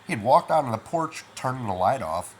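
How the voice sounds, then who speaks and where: A half-asleep middle-aged man rambles through a personal story at a brisk clip, his medium-pitched voice lively in intonation. He leans heavily on fillers like "you know" and "man," and a faint hiss or hum sits under the recording.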